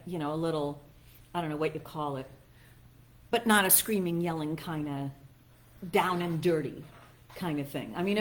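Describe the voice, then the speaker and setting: Middle-aged woman minister telling stories. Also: on the low side. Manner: chatty storytelling, laughs at herself, acts out quoted voices. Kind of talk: conversational sermon with personal stories.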